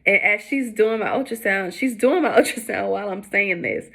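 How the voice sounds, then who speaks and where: A young woman vlogging her story in a casual, rambling way, full of "um" and "like". Her voice carries a gravelly, creaky edge at mid pitch, and she leaps up high whenever she mimics someone else. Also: moderate pace, fairly bright tone. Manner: chatty, many fillers, acts out quotes with high voice.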